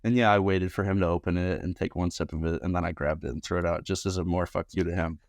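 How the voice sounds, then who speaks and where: A man's voice: fast, dry recording, studio quality. A young man, a bartender and podcast guest, telling stories casually and acting out quotes in a raised voice. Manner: animated, acts out quotes in higher voices. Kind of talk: casual storytelling.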